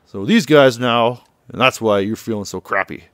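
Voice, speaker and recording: A man's voice: mid-range voice, moderate pace, a bit bright, no room sound, close to an everyday voice. A man loosely paraphrasing a tough, stern male ex-yakuza mentor lecturing a younger man, in a casual game recap.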